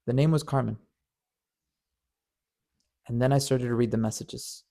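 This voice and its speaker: A man's voice: mid-range voice, steady tone, measured pace, creaky, mellow. A man narrating a painful personal story in an earnest, emotional way, often stammering and repeating words. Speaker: storyteller and channel host.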